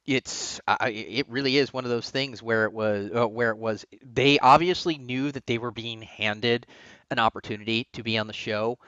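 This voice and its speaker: A man's voice: medium pitch, steady tone, normal speed, fairly bright tone, clean tone, dry recording. A man co-hosting a podcast, giving opinionated, rambling takes in casual chat. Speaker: podcast co-host. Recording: dull lo-fi dry sound.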